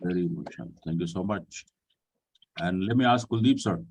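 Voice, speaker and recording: Soft-spoken man hosting an online talk. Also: deep voice, breathy edge, far from the mic, rough recording. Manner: polite, addresses people with "ji" and "sir"; pauses with frequent fillers. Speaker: session host. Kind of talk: online group discussion.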